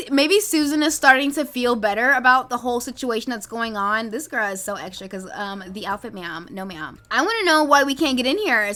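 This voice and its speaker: Bright-voiced chatty young woman. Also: fairly high pitch. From United States. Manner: chatty, voices characters in quoted asides. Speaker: Sims let's play creator. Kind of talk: casual gameplay storytelling.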